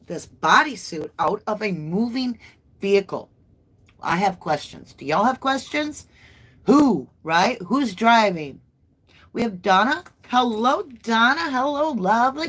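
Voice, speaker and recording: A woman's voice: mid-range voice, a bit bright, husky. A woman, hosting a casual livestream tarot reading in a chatty, folksy way and addressing viewers as y'all. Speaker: tarot reader livestream host.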